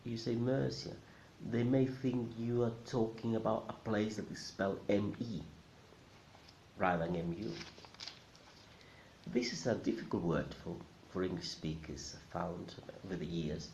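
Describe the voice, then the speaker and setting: Deep-voiced teacher, patient and repetitive, faint hiss behind. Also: male voice, darkish tone. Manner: careful, repeats words slowly for learners. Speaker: Spanish teacher. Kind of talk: pronunciation lesson. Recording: roomy, slightly dull recording with faint hiss.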